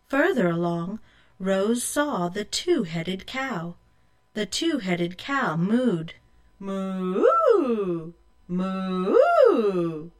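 A woman reading a children's folk tale aloud in an expressive storytelling way, asking the listener questions. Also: mid-range voice.

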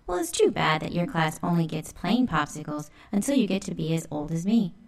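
A woman's voice: fairly low pitch, sing-song, a little fast, gravelly, darkish tone. A woman reading a proud little kitten. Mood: playful. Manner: playful, proud.

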